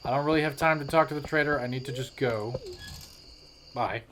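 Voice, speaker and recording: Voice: medium pitch, brisk, pauses often, noisy background. A game streamer giving playful, chatty let's-play commentary with wry asides. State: tired legs after a run. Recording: clear game music behind the voice. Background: game music.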